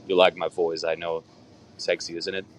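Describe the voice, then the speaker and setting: A man's voice: sits low, flat delivery, normal speed, a little hiss or hum. A man calling into a podcast, joking briefly, then asking a long, earnest question with many fillers. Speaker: caller. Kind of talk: recorded call-in question.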